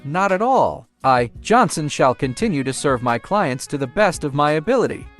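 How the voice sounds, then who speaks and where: A man's voice: fairly high pitch, big pitch swings, moderate pace, a bit bright, faint music behind. A man voicing a nervous, blustering bandit boss in a story recap. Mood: eager. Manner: blustering, rough.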